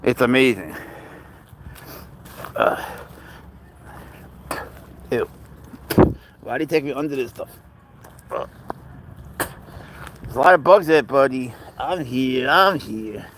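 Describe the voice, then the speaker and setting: A man's voice: medium pitch, expressive, slow, pauses often, a bit bright, a little hiss or hum, rough recording. A man hosting a casual live stream outdoors on a walk with his cat, rambling easily through viewer questions and baby-talking his pet. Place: outdoors on a walk near a road.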